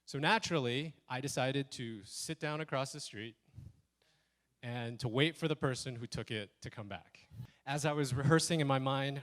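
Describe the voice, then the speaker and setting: A man telling a personal story on stage at a speaker event, animated and acting out the lines he quotes. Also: mid-range voice, normal speed. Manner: animated, acts out quoted lines in shifting voices. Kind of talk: live storytelling talk.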